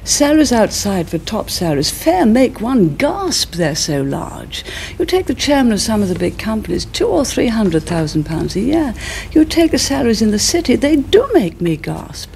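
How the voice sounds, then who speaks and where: A woman speaking in an indignant, emphatic way, in an old recording with rumble. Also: big pitch swings, normal speed, creaky, a little mellow.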